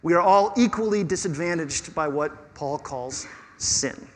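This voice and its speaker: A man preaching a sermon as pastor, conversational and animated, asking his listeners rhetorical questions. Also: fairly high pitch, a little slow, a little hiss or hum. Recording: long reverb of a hall.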